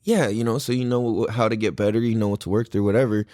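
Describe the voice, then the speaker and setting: A man in his thirties hosting a podcast, talking in an excitable, rambling way and swearing freely. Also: lowish voice, fast talker, no room sound, studio quality. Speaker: podcast host. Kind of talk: casual solo podcast talk.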